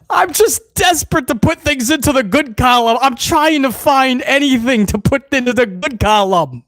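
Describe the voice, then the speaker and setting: A man's voice: very high voice, normal speed, few pauses, fairly bright tone, dry recording, clean studio sound. A man hosting a live wrestling watch-along stream, ranting bluntly and swearing freely in casual commentary.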